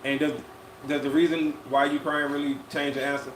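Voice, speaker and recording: A man's voice: a little high, level tone, slight background noise. Laid-back man in an echoey room. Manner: laid-back, drawn-out, repeats phrases. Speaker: podcast co-host. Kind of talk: casual live-stream chat. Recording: echoey room with faint ambience.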